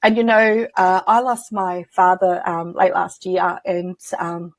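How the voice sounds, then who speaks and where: A woman's voice: fairly low pitch, little pitch movement, a little slow, dry recording. A woman guest on an interview show, a spiritual medium telling personal stories in a chatty, reflective way and acting out the dialogue she remembers. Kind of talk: casual interview storytelling.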